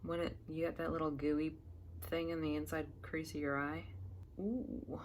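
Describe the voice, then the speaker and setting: A woman's voice: sits low, flat delivery, moderate pace, slight background noise. A young woman chatting casually while doing her makeup, rambling with lots of fillers and asides. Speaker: makeup vlogger.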